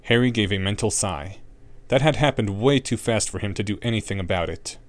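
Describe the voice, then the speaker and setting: A man narrating an audiobook with an expressive, wry reading. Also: lowish voice, fairly quick.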